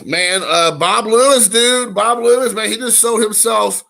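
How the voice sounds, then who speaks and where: A man's voice: sits high, a little slow, creaky, pushed and bright. A man hosting a casual live stream, rambling with lots of fillers and greeting viewers in chat. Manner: rambling, frequent fillers, reads chat aloud.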